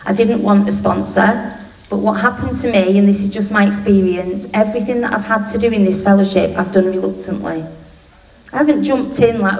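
A woman's voice: medium pitch, a little fast, gravelly, a little mellow. A woman giving a candid, funny share at a recovery meeting, swearing bluntly and laughing at herself. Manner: blunt, swearing, self-mocking humour. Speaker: speaker sharing at a recovery meeting. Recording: echoey room, distant mic, faint noise.

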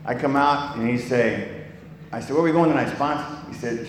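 A man's voice: mid-range voice, normal speed, background noise. Older man telling his story, salty and rambling. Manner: rambling, salty, with many restarts. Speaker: recovery meeting speaker. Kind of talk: personal testimony talk. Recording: echoey hall with long reverb.

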